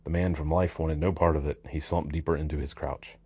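A man narrating a first-person story with a wry, sardonic edge. His voice is extremely deep and dark, with a husky texture. The sound is dry and close. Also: little pitch movement, brisk, no echo. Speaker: audiobook narrator.

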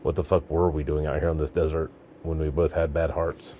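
A man reading a story aloud in a gritty, deadpan manner, breaking into shouts for the dialogue. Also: extremely low pitch, a little fast, a little hiss or hum. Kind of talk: audiobook narration.

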